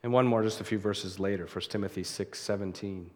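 A man preaching a sermon in an earnest way, slowing down to stress key words as he reads scripture aloud. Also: low-pitched, fairly even intonation. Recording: long hall reverb.

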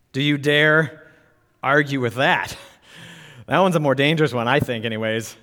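A man's voice: medium pitch, a little slow, pauses often, fairly bright tone. A man preaching a sermon as pastor, emphatic and pushing up on key words, asking his listeners direct questions. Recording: reverberant hall.

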